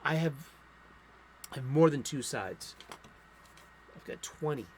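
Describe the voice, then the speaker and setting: A man's voice: fairly high pitch, lively intonation, slow pace, slight background noise. A man hosting a casual comic book stream, rambling through new releases and breaking into profane, angry rants. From United States. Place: home studio.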